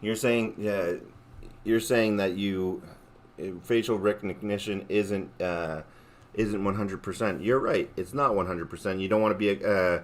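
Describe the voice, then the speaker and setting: A man hosts a livestream and comments casually. His talk rambles, with plenty of fillers and restarts. His voice sits fairly low. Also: measured pace. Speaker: livestream host.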